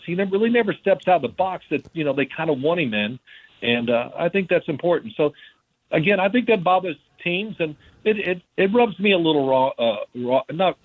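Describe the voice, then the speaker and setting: A man giving football opinions as a radio guest, halting with many restarts. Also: fairly high pitch, no room sound. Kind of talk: radio interview talk. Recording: tinny phone-line radio clip.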